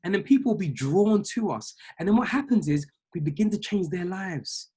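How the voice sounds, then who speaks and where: A man's voice: high voice, lively intonation, moderate pace, mellow, husky. A man, a trading mentor giving a fired-up motivational talk on a group call, repeating phrases like a preacher.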